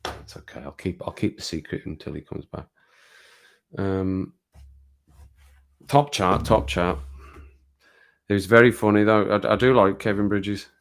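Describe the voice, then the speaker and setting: A man's voice: low-pitched, normal speed, gravelly. Rambling Midlands man chatting on a live stream. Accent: Midlands English. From England. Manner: rambling, chuckling, self-mocking. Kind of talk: casual live-stream chat.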